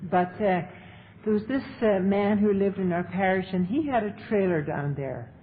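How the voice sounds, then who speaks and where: A woman's voice: medium pitch, normal speed. A woman telling her recovery story to an audience as a speaker, in a chatty, humorous way. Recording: tinny lo-fi tape with faint hiss.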